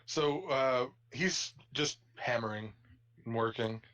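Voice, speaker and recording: A man running a tabletop game as dungeon master, narrating in a relaxed, casual way. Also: mid-range voice, takes it slowly, highs cut off.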